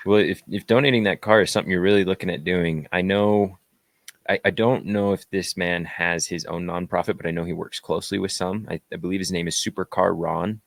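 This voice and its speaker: A man's voice: low-pitched, fairly even intonation, brisk, gravelly, dry recording. A male host interviewing a guest, speaking hesitantly and restarting his sentences. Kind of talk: interview talk.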